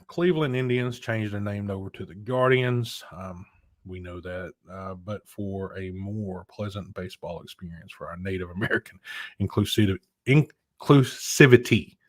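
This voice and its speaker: A man co-hosting a casual chat show, rambling and animated, who rants with many restarts. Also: deep voice, moderate pace, no room sound, studio quality. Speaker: podcast co-host.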